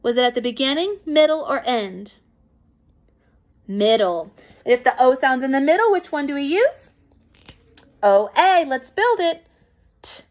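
A woman teacher giving a recorded phonics lesson to young children, encouraging and clear. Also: high voice, big pitch swings. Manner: slow, clear, encouraging classroom pacing.

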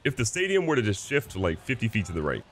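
A man's voice: lowish voice, wildly swooping pitch, fast, fairly bright tone. A young man giving casual, playful commentary while playing a baseball video game, boasting and mocking himself as he goes. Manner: playful, boastful, self-mocking trash talk. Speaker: gaming YouTuber.

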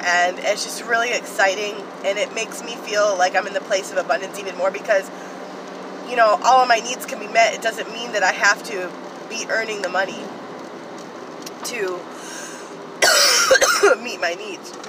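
A woman chatting excitedly to viewers in a casual vlog, talking straight to the camera about her finds. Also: medium pitch, moderate pace, pauses often, noisy background. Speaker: vlogger. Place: in a car, rain outside.

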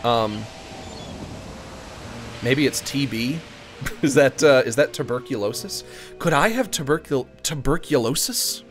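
Male streamer with a mid-pitched voice, joking and rambling through casual chat. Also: lively intonation, measured pace, long pauses, soft background music.

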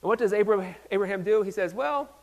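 A man's voice: high voice, fast. A man pastor giving a casual, conversational sermon in a playful, self-deprecating manner, often restarting his sentences.

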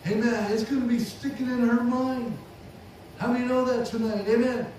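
High-voiced preacher in an echoey hall. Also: male voice, steady tone, moderate pace, darkish tone, a little hiss or hum. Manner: punctuates with amen and hallelujah. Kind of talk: sermon. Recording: echoey hall recording from far off.

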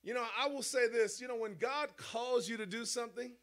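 A man preaching an animated sermon, with rhetorical questions and playful sound effects. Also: very high voice, fairly quick.

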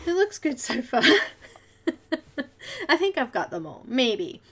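A woman's voice: high-pitched, very animated, slow, fairly bright tone. An Australian woman hosting a live colouring tutorial, chatting and giggling with viewers as she works. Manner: chatty, giggly, talks to viewers while working. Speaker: host of a live colouring stream. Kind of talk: casual live tutorial chat.

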